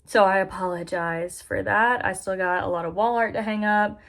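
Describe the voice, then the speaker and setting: In a mid-range voice that's steady and a bit bright, a young woman gives her camera a casual life update at a moderate pace. She's chatty, giggly, and self-deprecating, vlogging from the bedroom she's moving into.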